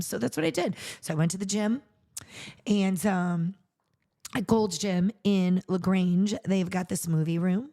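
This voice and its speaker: A middle-aged woman, a charity founder, telling her personal story on a podcast in an earnest, animated way, acting out what people said. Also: on the low side, a little slow. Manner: earnest, animated retelling with acted-out quotes.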